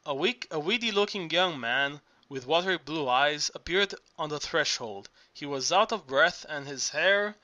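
A man's voice: fairly high pitch, animated, moderate pace, few pauses, pushed and bright, lo-fi sound. A man reading an audiobook aloud, with frequent slips and restarts. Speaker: audiobook reader. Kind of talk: audiobook narration.

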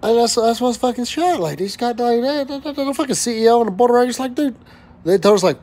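A man's voice: very high-pitched, quick pace, a little mellow. Fired-up, foul-mouthed man. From West Texas. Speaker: oil and gas worker vlogger. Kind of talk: angry profane rant to camera.

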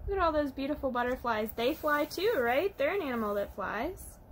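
A woman's voice: high-pitched, animated, a little fast, slight background noise. A woman teaching toddlers at storytime, reading aloud in an encouraging, sing-song way. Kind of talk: storytime lesson for young children.

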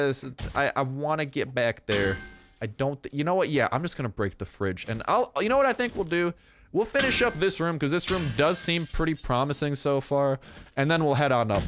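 Lively, goofy young man playing a game. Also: fairly high pitch, noisy background. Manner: goofy, rambling and self-mocking with sudden excited outbursts. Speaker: gaming YouTuber. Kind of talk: casual gameplay commentary.

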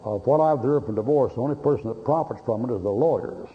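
A man's voice: medium pitch, quick pace. A male pastor preaching a sermon, telling folksy stories with blunt humor and acting out both sides of conversations. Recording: dull lo-fi recording with faint hiss.

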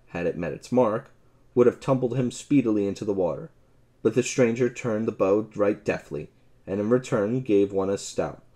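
A man narrating an old adventure audiobook with expressive storytelling. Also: low-pitched.

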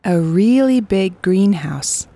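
A woman narrating simple picture descriptions for an English lesson, saying words clearly and repeating them. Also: medium pitch, expressive, takes it slowly, mellow, dry recording. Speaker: English teacher.

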